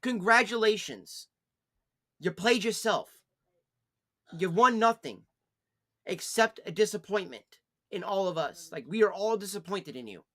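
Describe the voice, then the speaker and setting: A man on a casual live stream, scolding someone in profane rants that swing from low, weary sighs to loud yelling. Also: animated, measured pace, pauses often.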